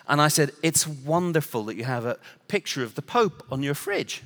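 Preaching in a church auditorium, this guest preacher, a Northern Irish man with an English accent, tells funny stories at his own expense. He speaks at a normal speed with a somewhat high, slightly bright voice and lively intonation. The recording has a long hall reverb.

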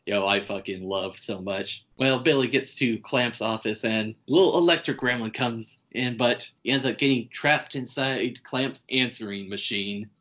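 A man's voice: mid-range voice, moderate pace, hardly any pauses, fairly bright tone, lo-fi sound. A man hosting a podcast, casually retelling a movie plot in a rambling way, with swearing and fillers. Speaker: podcast host. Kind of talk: casual movie recap chat.

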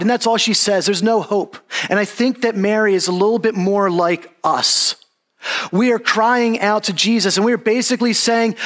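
A man with a fairly high voice delivers a relaxed, conversational sermon. He slips into plain modern speech to act out the characters of the story. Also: normal speed. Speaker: preacher. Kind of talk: casual sermon.

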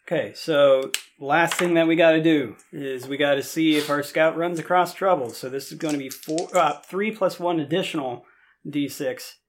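A relaxed man guiding players through a tabletop game, talking in loose, halting bursts as he checks the numbers. He describes the scene casually rather than performing it. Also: on the high side, a little hiss or hum. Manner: easygoing, halting with fillers while he works out the rules. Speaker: game master.

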